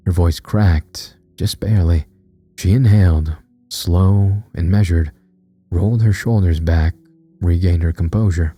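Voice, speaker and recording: Male horror narrator: very low, dark, husky tone, tense dramatic reading, soft music under it. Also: fairly even intonation, a little slow.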